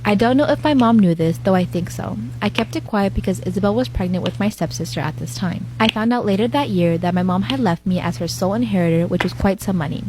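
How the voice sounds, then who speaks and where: A woman reading out a personal forum story in a flat, quick recital. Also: medium pitch, background noise. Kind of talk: rapid scripted narration.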